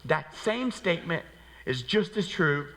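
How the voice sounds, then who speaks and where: A man's voice: fairly high pitch, a little slow, in a large hall, poor audio. A man preaching a sermon as pastor, talking in a casual, conversational way with frequent rhetorical asides. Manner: conversational and animated, with many rhetorical "right?" asides. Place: church sanctuary. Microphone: handheld microphone.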